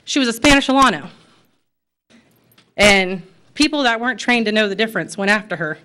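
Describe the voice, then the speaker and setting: A woman's voice: mid-range voice, brisk, bright, forceful tone. An American woman and pet store owner speaking at a city commission meeting, impassioned and emotional, with frequent fillers. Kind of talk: public comment at a city meeting.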